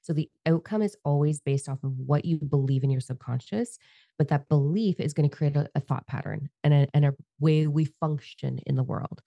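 A woman co-hosting a podcast, talking bluntly and casually, swearing freely and telling animated stories. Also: deep voice, moderate pace, vocal fry, dry recording, dull audio. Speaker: podcast co-host.

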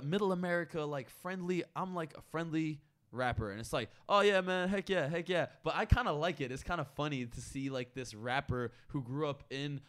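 A man's voice: medium pitch, clear, resonant tone. A man chatting casually on a podcast, talking loosely with lots of filler words and slang. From Brooklyn. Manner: chatty, says "like" and "bro" a lot.

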